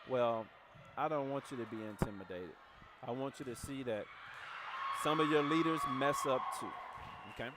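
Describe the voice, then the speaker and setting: A man's voice: medium pitch, moderate pace, long pauses, heavy background noise. A man leading a motivational team training talk, blunt and direct, telling his team how to handle calls. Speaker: team leader.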